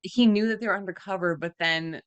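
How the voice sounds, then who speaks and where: A woman's voice: medium pitch, fairly quick, clean tone, highs cut off. A woman co-hosting a podcast in casual chat, rambling and giggling as she guesses her way through a plot. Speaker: podcast co-host.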